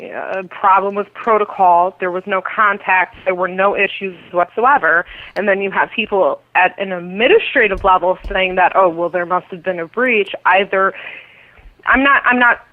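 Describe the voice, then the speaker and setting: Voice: medium pitch, moderate pace, no echo. Long-winded caller on a tinny phone line. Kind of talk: call-in discussion.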